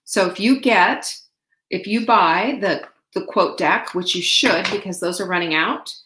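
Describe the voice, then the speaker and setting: A woman's voice: mid-range voice, unhurried, echoey room, noisy background. A middle-aged woman hosting a live online show, chatting with viewers in an upbeat, rambling way. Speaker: host. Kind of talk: live-stream chat with viewers.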